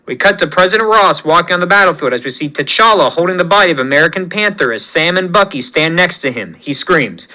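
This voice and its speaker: A man narrating a fan-written superhero story. His voice sits a bit high and sounds very bright, with a plain, steady storytelling delivery. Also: brisk, hardly any pauses, poor audio. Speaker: fan-fiction reader.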